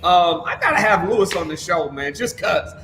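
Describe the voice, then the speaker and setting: A man hosting a livestream show in a loud, upbeat, slangy way, often yelling. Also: high-pitched, moderate pace, slight background noise. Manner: energetic, yells a lot, slangy. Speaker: show host. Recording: echoey room with a long reverb.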